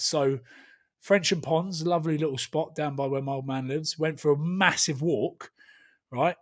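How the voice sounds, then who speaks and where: A man's voice: on the high side, moderate pace. Dude in his 30s ranting a funny story on a rugby podcast, swears a lot, chatty. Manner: animated storytelling, swears freely. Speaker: podcast host. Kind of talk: casual chat.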